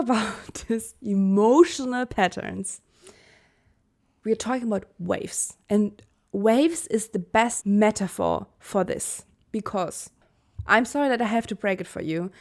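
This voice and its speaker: Earnest young woman teaching from Germany. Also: medium pitch. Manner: earnest, candid, corrects herself with a laugh. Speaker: Human Design teacher. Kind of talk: explanatory video lesson.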